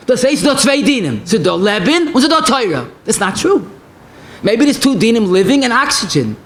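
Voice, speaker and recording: A man's voice: very high voice, sing-song, fairly quick, fairly bright tone. A man giving a passionate Torah lecture as a rabbi, telling stories in mixed with Hebrew and phrases.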